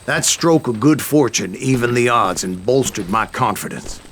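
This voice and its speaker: A gravelly old gunslinger storyteller. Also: male voice, mid-range voice, lively intonation, moderate pace, a bit bright. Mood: boastful. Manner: drawling, boastful. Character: aging boastful bounty hunter telling tall tales. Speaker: game narrator. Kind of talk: video game storytelling narration. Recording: noisy game audio.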